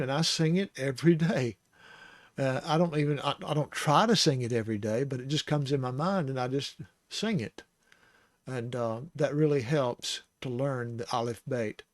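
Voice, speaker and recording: A man teaching the Hebrew alphabet in a casual, rambling way, sounding out syllables slowly and chuckling now and then. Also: mid-range voice, darkish tone, no echo. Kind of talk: casual lesson.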